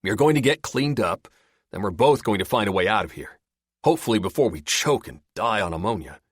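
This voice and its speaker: A man doing Bolton, a gruff swearing soldier. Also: on the low side, animated, a little fast, dry recording, studio quality. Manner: blunt, curt, swearing. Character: gruff irritable male special-ops soldier.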